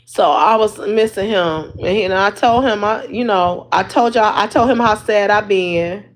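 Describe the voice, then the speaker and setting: A woman's voice: medium pitch, moderate pace, low-quality recording. A woman chatting casually to her livestream viewers, rambling along and laughing often, talking into a phone. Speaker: livestream host.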